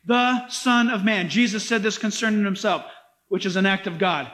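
A pastor delivers a sermon in a strikingly high male voice. He preaches with animated, dramatic emphasis, pressing each point home. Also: brisk.

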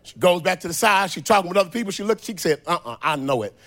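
A man preaching a sermon, retelling the story dramatically, swinging from quiet asides to shouted, sung lines. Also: high voice, lively intonation, fast.

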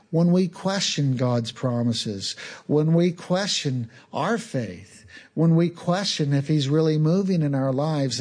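Casting: male pastor, slightly higher voice, earnest unhurried sermon delivery. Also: darkish tone. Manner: earnest, unhurried teaching with small repetitions.

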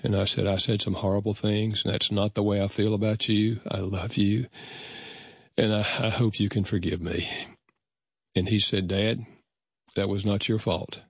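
An older man with a low voice shares stories from his own life, speaking earnestly and at a measured pace. He often slips into remembered dialogue. The recording is dry and close, with no room sound. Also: level tone, creaky, slightly rough, dry recording. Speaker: guest author. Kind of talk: reflective storytelling in conversation.

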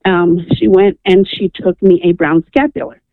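A woman from New Mexico calls in to a radio show and tells a personal story in an earnest, animated way, acting out the voices in it. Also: on the low side, normal speed, dry recording. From New Mexico, USA. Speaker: caller. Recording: tinny phone line.

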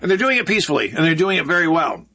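A man's voice: on the high side, big pitch swings, rapid-fire, sharp tone. A man in his sixties hosting an opinionated news commentary, rambling and sarcastic. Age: 60s. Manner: sarcastic, rambling, mock voices for quoted people. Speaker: commentary show host.

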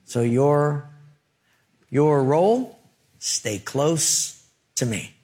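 A man voicing a calm, reassuring divine figure who speaks slowly and gently. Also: a little high. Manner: slow, gentle, steady.

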